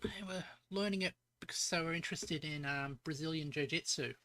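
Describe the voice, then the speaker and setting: A woman's voice: deep voice, a little fast, a bit bright, a little hiss or hum. An Australian woman streaming as a VTuber, thinking aloud as she codes and chatting with viewers in between. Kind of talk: live coding stream chat.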